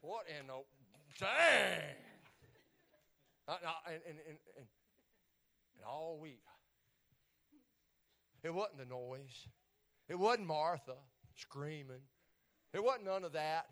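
A middle-aged man, preaching a testimony, swinging between hushed tones and shouts and repeating his phrases. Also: fairly high pitch, slow pace, long pauses. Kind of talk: sermon storytelling.

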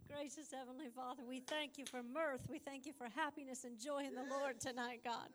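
A woman's voice: high voice, steady tone, a little fast, noisy background. A woman leading a fervent spoken prayer in church, heard from across the room. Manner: fervent and earnest.

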